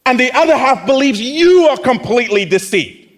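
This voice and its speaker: Animated high-voiced male pastor preaching. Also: normal speed. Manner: animated, conversational, acts out voices of others. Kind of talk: sermon. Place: church.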